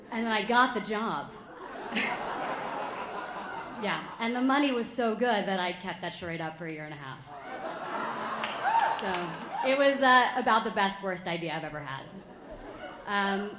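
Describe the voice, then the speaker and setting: A woman's voice: fairly low pitch, fairly bright tone, reverberant. Chatty woman telling a story on stage. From United States. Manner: self-deprecating, chatty with fillers. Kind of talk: live personal storytelling. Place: stage before a live audience.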